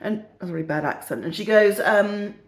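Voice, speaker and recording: A woman's voice: medium pitch, a little fast, reverberant. A middle-aged woman, chatting casually and joking in a rambling, giggly way as a perfume vlogger. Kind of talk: casual chat.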